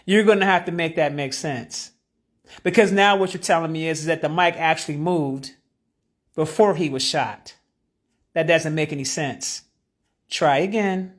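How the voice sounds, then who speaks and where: A woman hosting a live stream, giving casual commentary in an animated, slangy way and laughing often. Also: low voice, normal speed. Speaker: livestream host.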